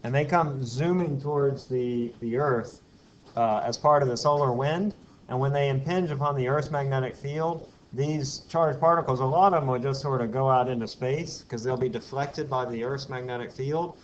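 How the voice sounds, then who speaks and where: Recorded in a classroom on dull lo-fi equipment with a faint hiss, a man with a mid-range voice gives a physics lecture at normal speed. He explains things step by step, quizzes the class and occasionally goes off on an aside.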